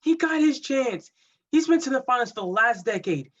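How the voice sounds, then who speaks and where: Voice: sits high, animated, moderate pace, fairly bright tone. An actor playing an easygoing young man who talks in casual slang, read over a video call. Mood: laid-back. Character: laid-back young man rooting for underdogs. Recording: dull lo-fi mic.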